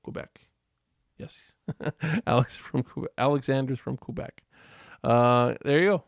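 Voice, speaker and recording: Gravelly-voiced Canadian man chatting live. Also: mid-range voice, a little slow, no room sound, clean studio sound. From Western Canada. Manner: rambling, chatty, laughs often. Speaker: livestream host. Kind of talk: casual live chat.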